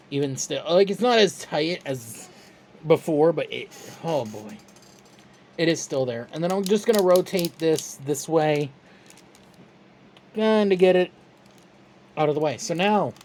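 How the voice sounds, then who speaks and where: A toy reviewer walks through a build step by step, easygoing and chatty and quick to poke fun at themselves. The voice sits at a middle pitch, with a faint hiss of noise behind it. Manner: relaxed, chatty and self-deprecating. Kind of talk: casual step-by-step tutorial.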